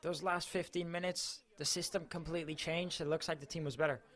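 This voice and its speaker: A man's voice: on the high side, fairly even intonation, fairly quick, fairly bright tone. A man reporting for a club channel, giving chatty, enthusiastic live match coverage.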